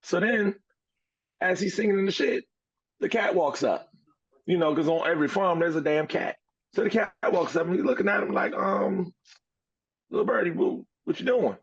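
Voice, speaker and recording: A man with a gravelly, husky voice tells an animated, profane story in a casual podcast manner. The recording sounds dull and lo-fi, with a dry, close feel. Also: sits high, normal speed, dry recording. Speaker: podcast co-host.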